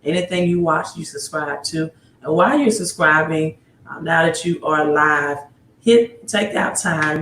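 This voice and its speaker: A woman's voice: on the low side, fairly bright tone, a little hiss or hum. A woman hosts a casual livestream, talking straight to her viewers with loose, rambling delivery and rhetorical questions. She greets people one by one and circles back to her point. Her voice rings with the echo of a bare room. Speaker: livestream host giving financial advice. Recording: roomy echo.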